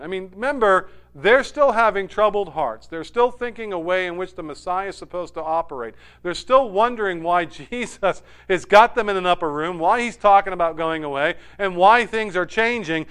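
A man preaching a sermon, animated, dropping to a hush and rising loud when he acts out quoted lines. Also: on the high side, moderate pace, clean tone. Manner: animated, swings from hushed to loud when quoting. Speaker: pastor.

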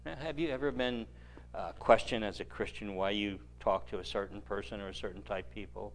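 A man preaching a sermon, retelling scripture in an animated storytelling way with dry joking asides. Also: on the low side, a little fast, slight background noise.

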